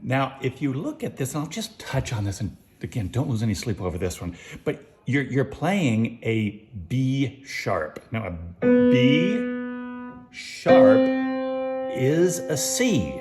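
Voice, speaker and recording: A man's voice: mid-range voice, sing-song, a little slow, few pauses. A man giving a casual music lesson, explaining time signatures, counting beats aloud and singing short snippets. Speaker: music teacher.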